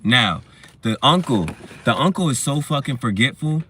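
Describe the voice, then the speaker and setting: A man's voice: mid-range voice, animated, moderate pace, a bit bright, a little hiss or hum. A man casually reviewing a movie, rambling through scenes with plenty of swearing and laughter. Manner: rambling, profane, laughs while retelling scenes.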